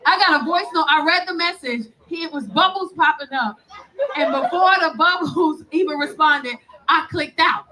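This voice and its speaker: A woman doing stand-up comedy, telling a story in an animated way to a live audience. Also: high voice, normal speed, crowd noise, low-quality recording. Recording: loud live club audience.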